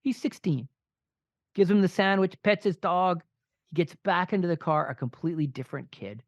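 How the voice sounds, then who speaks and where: A middle-aged man co-hosting a podcast, telling a personal story with animated enthusiasm. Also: high-pitched, moderate pace, no room sound. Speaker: podcast co-host. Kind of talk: casual chat and storytelling. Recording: dull, dry lo-fi sound.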